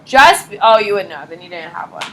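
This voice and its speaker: Chatty bright-voiced young woman teacher. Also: medium pitch, fairly quick, slight background noise, low-quality recording. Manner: chatty, animated, frequent "like" and "uh". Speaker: high school teacher. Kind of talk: casual classroom lecture. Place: classroom.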